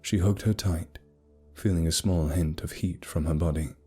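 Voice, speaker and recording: A man narrating a scripted horror story in a steady, grave storytelling manner. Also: low-pitched, moderate pace, slightly rough. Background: soft music.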